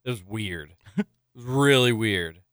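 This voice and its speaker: Man, radio host, bright smooth voice, dry studio mic, chatty. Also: fairly low pitch, expressive, unhurried, dry recording. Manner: chatty storyteller, filler-heavy. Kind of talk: casual radio banter.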